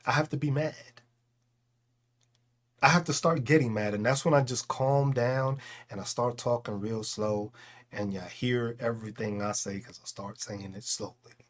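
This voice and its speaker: Guy ranting on his livestream, swears constantly, laughs, gets loud then drops real low and slow. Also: fairly even intonation. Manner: profane, laughing, swings between loud outbursts and slow low talk. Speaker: livestream host. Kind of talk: casual livestream rant.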